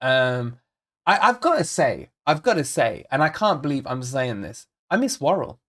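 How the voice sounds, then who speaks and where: During a live football watch-along, a fan channel host with a mid-range, slightly bright voice and lively intonation talks casually with viewers at a moderate pace. He frets over the team, reads chat messages aloud, and rambles with plenty of repetition.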